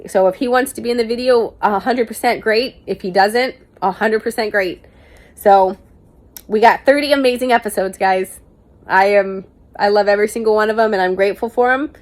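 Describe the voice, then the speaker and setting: Speaking at a normal speed with a medium-pitched voice, this young woman vlogs a casual Q&A to camera. She answers viewers' questions candidly and chattily, pokes fun at herself, and drops the occasional casual swear.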